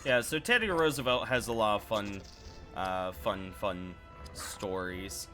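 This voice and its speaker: Bright-voiced rambling male streamer. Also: lowish voice, measured pace, faint music behind. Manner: rambling, loose, self-correcting. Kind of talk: casual storytelling while gaming.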